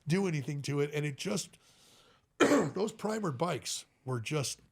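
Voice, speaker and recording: Gravelly middle-aged man telling stories. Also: fairly high pitch, unhurried. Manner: animated, tells stories with quoted voices and frequent laughs. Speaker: guest, custom motorcycle builder. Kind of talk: casual storytelling in a podcast interview.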